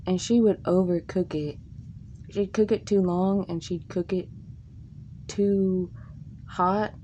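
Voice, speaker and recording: A woman from Tennessee telling crude, funny stories from her life in a casual, drawn-out way. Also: dark tone, muffled recording, a little hiss or hum. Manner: slow, drawn-out delivery with crude jokes and squeaky put-on quotes. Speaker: comic storyteller. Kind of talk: casual comic storytelling.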